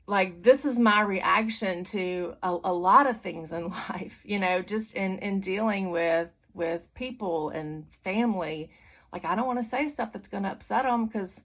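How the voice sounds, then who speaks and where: A woman's voice: mid-range voice, a little slow, fairly bright tone. A middle-aged woman giving a personal church testimony, candid and conversational with many fillers and restarts. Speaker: testimony speaker.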